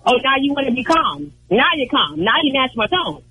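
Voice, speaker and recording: A woman's voice: high-pitched, big pitch swings, a little fast, pushed and bright, a little hiss or hum. A woman on a phone call to a radio show, exasperated and calling on the Lord. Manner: exasperated, churchy exclamations. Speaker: prank call target. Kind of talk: heated phone argument.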